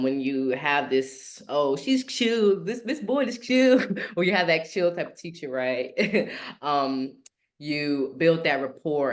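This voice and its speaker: A young adult woman, a high school teacher, talking in a relaxed, easygoing way as a podcast guest and laughing often. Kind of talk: casual podcast interview.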